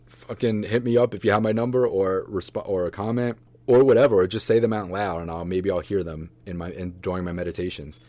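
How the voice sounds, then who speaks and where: Very deep-voiced man rambling casually. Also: fairly even intonation, a little fast, a little mellow, dry recording. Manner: rambling, loose, full of fillers and restarts; enthusiastic, affectionate toward viewers. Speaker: vlogger reviewing books and movies.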